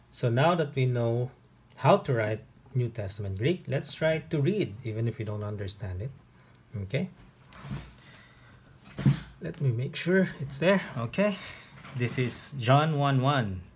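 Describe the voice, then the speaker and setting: A man teaching at a slow, unhurried pace and walking listeners through each point with patience. His pitch sits in a middle range. Soft background noise hums faintly under the lesson. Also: expressive. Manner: patient, step-by-step explaining with pauses. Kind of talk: online lesson on reading biblical Greek.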